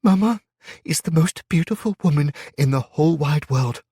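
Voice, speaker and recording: A man's voice: fairly high pitch, animated, moderate pace, mellow, breathy edge, no room sound, studio quality, pitched above the performer's own voice. A man voicing a shy, stubborn little girl of about ten who speaks in a small, tearful voice.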